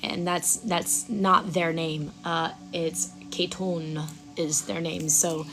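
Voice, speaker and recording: A woman hosting a live Reiki session outdoors. She chats with viewers, stumbles over their names, then gives soft, slow breathing cues. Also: sits low, fairly even intonation, over music. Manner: chatty, reads viewers' names aloud and fumbles them. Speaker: Reiki practitioner and stream host. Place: outdoors at sunrise.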